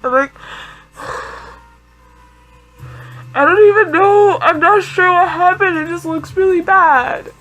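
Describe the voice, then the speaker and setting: A woman with a high voice reacts aloud as she watches. She rambles and panics, breaking into exclamations and repeated words. She is casual and highly emotional throughout. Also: slow, long pauses, a bit bright. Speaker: anime reaction video host. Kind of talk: live reaction commentary.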